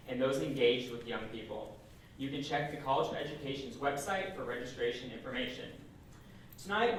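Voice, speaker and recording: A man's voice: medium pitch, a bit bright. A young man who is a student host reading a formal introduction of a guest speaker. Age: young adult. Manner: formal, reads from a script. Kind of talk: read introduction. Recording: very echoey hall, mic far off, faint noise.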